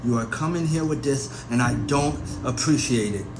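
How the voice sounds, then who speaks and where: A man's voice: medium pitch, moderate pace, lightly acted. A man playing a worried father accused of murder in an amateur audio drama, defensive and stammering, repeating himself. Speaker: suspect under interrogation. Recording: noisy amateur recording with ambience.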